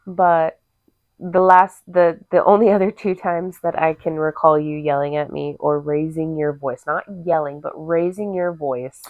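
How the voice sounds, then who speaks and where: Casting note: thirties woman with a low voice, blunt teasing co-host, dry and tinny recording. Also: steady tone, measured pace, no room sound. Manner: teasing, blunt, acts out voices in her stories. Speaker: podcast co-host. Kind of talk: casual chat. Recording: tinny phone-like sound.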